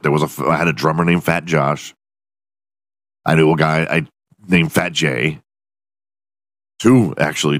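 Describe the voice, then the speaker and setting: A man's voice: very deep voice, dry recording, studio quality. A man hosting a podcast alone in his room, delivering a profane, self-mocking comedic rant. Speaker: podcast host.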